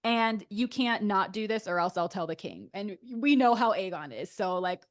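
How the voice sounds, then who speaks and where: A young woman co-hosting a casual chat show, recapping a TV episode in an animated way, full of fillers and laughter. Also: mid-range voice, normal speed. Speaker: podcast co-host.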